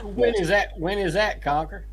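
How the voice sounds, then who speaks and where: Easygoing man with a high voice. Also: normal speed, a crowd in the background. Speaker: guest. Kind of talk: casual chat.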